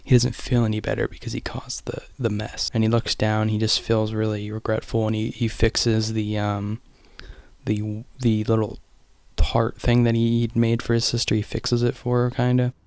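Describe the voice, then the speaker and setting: A man's voice: lowish voice, completely flat delivery, normal speed, a little mellow, clear, resonant tone, no echo. A young man casually rambling through a movie recap, restarting often and sometimes dropping to a whisper. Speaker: vlogger.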